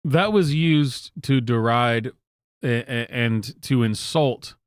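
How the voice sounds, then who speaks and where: Southern guy ranting on his channel, smooth clear voice, dry close sound, keeps restarting and going uh. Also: medium pitch, slow pace, no echo. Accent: Southern American. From American South. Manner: exasperated and emphatic, with frequent restarts and fillers. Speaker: commentary channel host. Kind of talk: casual opinion rant.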